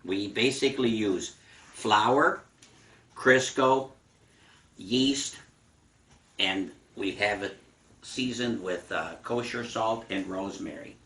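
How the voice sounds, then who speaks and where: A man's voice: fairly low pitch, slow pace, long pauses, fairly bright tone. An older man giving a casual home cooking lesson to a child, patient and encouraging, explaining each step. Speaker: home cook teaching a grandchild. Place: home kitchen.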